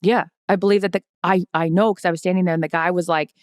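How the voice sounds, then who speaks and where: A woman co-hosting a podcast, telling a lively anecdote in casual chat, swearing freely and acting out what people said. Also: lowish voice, fast talker, no echo, studio quality. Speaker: podcast co-host.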